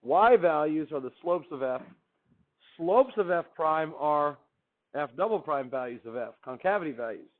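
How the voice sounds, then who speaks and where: Heard through a tinny, phone-quality recording, a man with a voice on the high side lectures a math class at normal speed with lively intonation. His manner is chatty and upbeat, and he answers the very questions he puts to the class.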